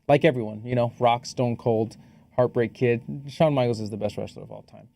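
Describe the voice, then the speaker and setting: A man co-hosting a podcast in casual chat, joking and spinning deadpan tall tales. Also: medium pitch, fairly quick, gravelly, no room sound. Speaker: podcast co-host.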